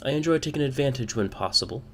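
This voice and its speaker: A man's voice: medium pitch, expressive, quick pace, fairly bright tone, a little hiss or hum, voice pushed up. A man voicing a haughty, sly female rogue in a tabletop game, talking in a smug, taunting way.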